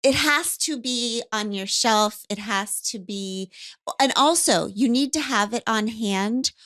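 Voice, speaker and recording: A woman co-hosting a podcast, her voice pitched in the middle range. She speaks earnestly, putting weight on each point. The recording is dry and close, with no room sound. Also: slow pace, fairly bright tone, dry recording. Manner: earnest, emphatic praise. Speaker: podcast co-host. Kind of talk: casual chat.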